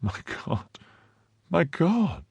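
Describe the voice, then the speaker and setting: A man's voice: medium pitch, a little fast, darkish tone, no room sound, lo-fi sound, voice pushed up, lightly acted. A man voicing an impulsive young swordsman, speaking in raised, startled exclamations. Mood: shocked. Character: young male swordsman, impulsive and easily shocked.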